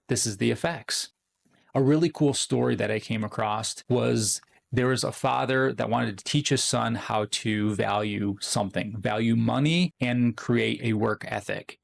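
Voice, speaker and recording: Male podcast host, earnest motivational storyteller, very gravelly, mid pitch. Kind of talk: motivational monologue.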